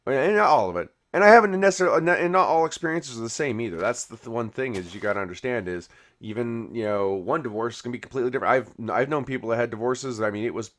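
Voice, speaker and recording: Talking at a quick pace in a medium-pitched, fairly bright voice, a man hosts a game video on YouTube, chatting while he builds and answering viewer comments. He rambles, restarting often and saying "you know" a lot.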